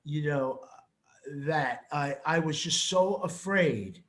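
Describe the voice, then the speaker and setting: A man from New York hosts in a loose, rambling way, repeating himself and swearing freely. His voice sits a little high for a man. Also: slow, fairly bright tone. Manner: blunt, profane, rambling. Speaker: host. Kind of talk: casual interview chat.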